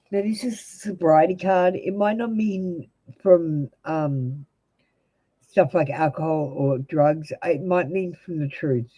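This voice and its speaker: A woman's voice: deep voice, mellow, slightly rough, poor audio. A young Australian woman reading tarot live for viewers, giving blunt, direct advice. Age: young adult. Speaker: tarot reader.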